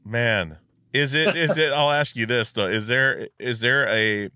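A man hosting a podcast, chatting and telling stories in an animated way with many fillers. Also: mid-range voice, a little slow, no echo, studio quality. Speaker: podcast host. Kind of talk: casual chat.

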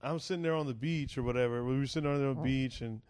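A comedian guest on a podcast, this man rambles through a story full of swearing, slipping into the voices of the people in it. His voice sits at a middle pitch for a man. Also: fast, darkish tone, clean tone. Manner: profane, rambling, acts out quoted voices.

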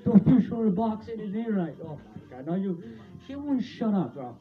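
A man's voice: sits high, big pitch swings, normal speed. A young man in a casual rant, rambling and repeating himself, often laughing and swearing as he talks. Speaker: vlogger. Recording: tinny phone-like sound with faint music.

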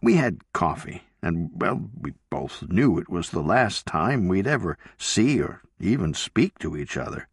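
A man's voice: deep voice, big pitch swings, unhurried, few pauses, breathy edge, no echo, clean studio sound, heavily acted. A man voicing an elderly husband who speaks in a hesitant, reflective way. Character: elderly husband, thoughtful and wry.

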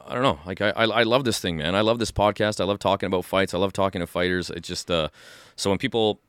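A man co-hosts a podcast in a studio, chatting casually with a rambling, enthusiastic manner. His voice is low, and his words come out quickly. The sound is dry, with no room echo. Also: steady tone, a bit bright, clear, resonant tone. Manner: rambling, enthusiastic, full of fillers and restarts. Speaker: podcast co-host. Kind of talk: casual chat.

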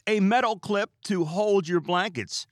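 A man doing a booming game-show announcer. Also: no echo, clean studio sound. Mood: showy. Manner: showy, drawn-out prize reveals.

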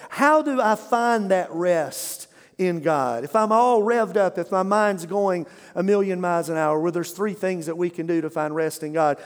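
A man preaches a sermon in a church, his voice sitting fairly high. He calls on the congregation to repeat words back to him as he teaches. The sound trails off in a long reverb through the sanctuary. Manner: preaching with call-and-response prompts. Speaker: pastor.

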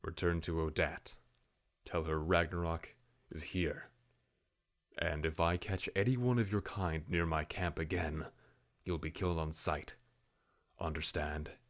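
A man's voice: low-pitched, steady tone, unhurried, pauses often. A man voicing a cold, commanding warrior captain who speaks with mocking menace.

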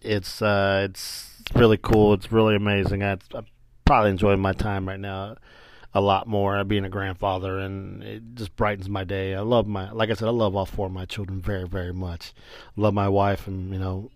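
Low-voiced laughing grandfather in his forties. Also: normal speed, no room sound. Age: 40s. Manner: animated, laughs often while telling. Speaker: vlogger. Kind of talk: casual storytelling. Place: lying on a bedroom floor indoors.

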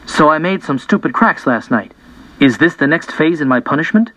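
A man's voice: fairly high pitch, animated, moderate pace, sharp tone, no echo, poor audio. Man voicing a father, middle-aged, stiff, defensive, muttering, audiobook. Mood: grumbling. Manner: muttering, sour. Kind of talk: audiobook character voice.

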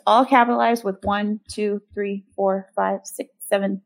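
A woman's voice: medium pitch, steady tone, unhurried, vocal fry. A woman co-hosting a podcast, recapping a film in casual, sarcastic chat with many ums.

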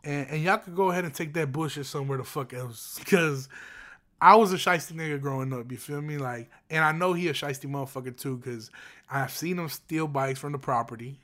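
A young man, a property manager, tells a story to his viewers in casual, animated street slang full of profanity, with "bro" and "you feel me" dropped in constantly. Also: on the high side, a little fast.

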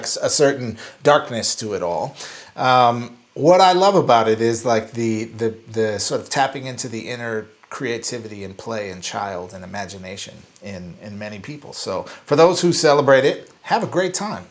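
A man co-hosting a podcast, chatting casually in a thoughtful, hedging way with lots of fillers. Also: mid-range voice. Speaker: podcast co-host.

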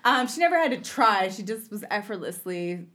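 A woman from the Los Angeles area tells a rambling story at a mid pitch. She jumps into other people's voices for quotes and breaks into laughter often. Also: sing-song, a little fast, a bit bright. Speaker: podcast guest. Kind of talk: casual storytelling.

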